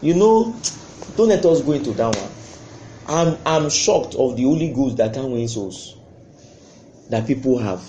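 A man preaching a sermon with fervour, swinging between loud outbursts and hushed asides. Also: mid-range voice, animated, a little slow, long pauses, dull audio, a little hiss or hum. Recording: echoey room.

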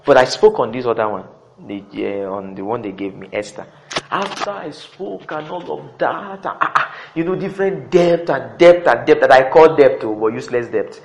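A middle-aged man preaching a sermon, swinging between loud exclamations and quiet asides. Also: medium pitch, big pitch swings, normal speed, slight background noise, poor audio.

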